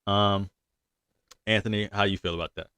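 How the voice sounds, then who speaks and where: Deep-voiced guy hosting a chill talk, loose and rambly, dry sound. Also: steady tone, moderate pace, bright, forceful tone, clean tone, dry recording. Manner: laid-back, conversational, frequent "like" fillers. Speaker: podcast host. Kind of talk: casual discussion.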